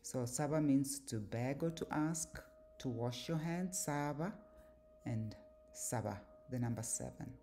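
Slow, very deep-voiced woman explaining words. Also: mellow, a little hiss or hum. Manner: measured, deliberate, with pauses and fillers. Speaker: language teacher.

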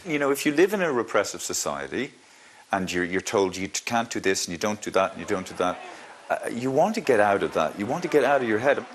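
A man with a low voice and a lively, swinging pitch speaks expressively. He sounds a little distant from the mic. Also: quick pace, slight background noise. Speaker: interviewee.

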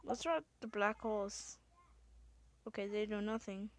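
A woman giving excitable let's-play commentary, often exclaiming and swearing at the game. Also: medium pitch, a little slow. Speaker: gamer.

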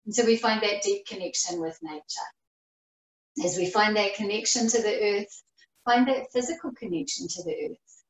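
Calm yoga teacher woman in a roomy space. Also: medium pitch. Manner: slow, calm breathing cues with long pauses. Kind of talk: guided yoga class. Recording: roomy echo, voice far from the mic.

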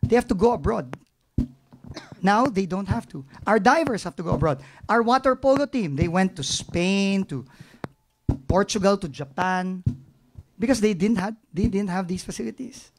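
A man's voice: high voice, animated, normal speed, a little hiss or hum. A middle-aged man with a Filipino accent, a government agency head answering press questions frankly and emotionally, slipping into Tagalog phrases. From Philippines.

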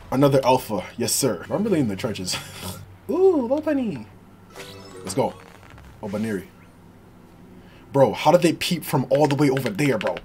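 A man giving excitable, slangy, joking commentary while playing a video game, swinging from low mutters to yells. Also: moderate pace, long pauses, slight background noise. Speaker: gaming streamer. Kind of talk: let's play commentary.

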